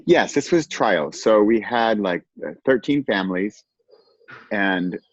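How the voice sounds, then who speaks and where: A man chatting casually as a guest, animated, laughing often and acting out what others say. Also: on the low side, slow, no echo, lo-fi sound. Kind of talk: casual conversation.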